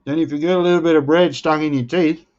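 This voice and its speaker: A man's voice: a little high, steady tone, fast talker, darkish tone, lo-fi sound. An Australian man chatting casually with viewers on a live stream, joking and playfully defending himself. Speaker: livestream host.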